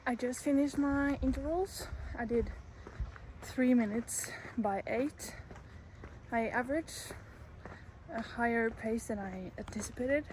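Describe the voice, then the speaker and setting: A woman in her twenties vlogging in a relaxed, chatty way, talking while she walks and moves around outside. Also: fairly high pitch, slow pace. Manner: chatty, relaxed, talks while walking and moving. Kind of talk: casual vlog narration. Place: outdoors in the sun. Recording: outdoor noise behind.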